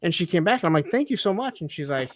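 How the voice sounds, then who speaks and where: A man's voice: sits high, very animated, quick pace, a little hiss or hum. A man telling a story in a casual group chat, stammering on restarts and swearing now and then. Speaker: podcast co-host.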